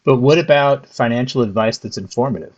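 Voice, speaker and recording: A man's voice: medium pitch, brisk. Hesitant man with slightly dull sound. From Philadelphia area. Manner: hesitant, restarts often, laughs easily. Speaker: host. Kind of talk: casual chat.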